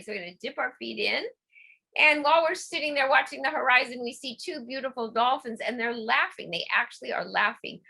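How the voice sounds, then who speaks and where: A middle-aged woman leading a laughter yoga class, coaxing and playful, breaking into deliberate laughs. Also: a little high, gravelly, bright, forceful tone, slightly rough. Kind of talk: guided laughter exercise class.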